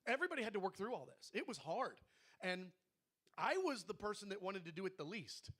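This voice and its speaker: Male prayer leader, high bright voice, lively storyteller who acts out dialogue, testimony to a congregation. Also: brisk, breathy edge. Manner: animated storytelling, acting out quoted dialogue.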